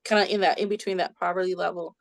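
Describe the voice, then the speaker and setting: A woman in her forties, a clinical social worker, telling animated stories as a podcast guest from her home office and acting out quoted voices. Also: lowish voice, quick pace. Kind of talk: casual storytelling in a podcast interview.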